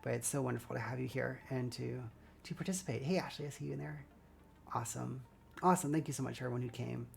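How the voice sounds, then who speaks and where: A woman's voice: rumbling low, fast, darkish tone. A woman streaming herself building LEGO live, chatting casually with viewers in a scratchy voice with a dry throat, rambling and friendly. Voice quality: scratchy, slightly gravelly voice. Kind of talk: casual livestream chat while building.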